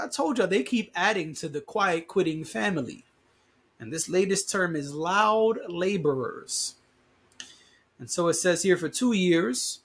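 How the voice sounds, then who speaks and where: Husky congested man hosting a podcast. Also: fairly high pitch, a bit bright. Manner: conversational and emphatic, reads news aloud with asides. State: congested from allergies, sniffling. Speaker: podcast host. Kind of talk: casual solo podcast commentary.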